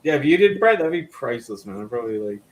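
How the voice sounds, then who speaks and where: A man's voice: medium pitch, sing-song, fast. A man hosting a livestream in loose, rambling casual chat full of fillers, over a video call. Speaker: livestream host.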